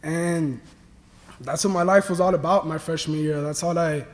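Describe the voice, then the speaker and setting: A young man from Miami giving an earnest personal faith testimony, halting with many restarts. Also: fairly high pitch, steady tone, big-room sound. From Miami, Florida. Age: young adult. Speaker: student athlete sharing testimony.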